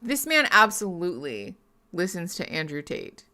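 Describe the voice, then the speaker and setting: A woman's voice: lowish voice, sing-song, moderate pace, bright, forceful tone. A woman streamer giving live reaction commentary on a reality show, ranting with profanity and sarcasm.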